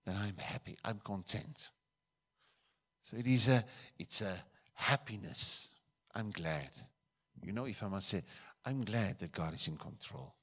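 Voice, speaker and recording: A male pastor from South Africa preaching a sermon in a church, switching between loud emphatic bursts and quiet asides. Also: on the low side, measured pace, long pauses.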